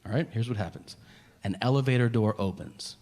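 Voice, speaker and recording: A man doing a stand-up comedy set on a club stage, crude and deadpan in his setups, then shouting the punchlines. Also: medium pitch, brisk. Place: comedy club stage before a live audience. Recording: reverberant venue with audience noise. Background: audience laughter.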